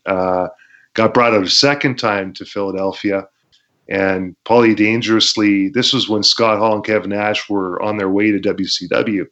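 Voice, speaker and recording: Guest, man from Canada: low voice, relaxed storyteller who acts out quotes, lo-fi podcast sound. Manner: laid-back, laughs often, acts out quotes. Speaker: wrestler telling stories as guest. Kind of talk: casual storytelling interview. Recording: dull lo-fi podcast audio.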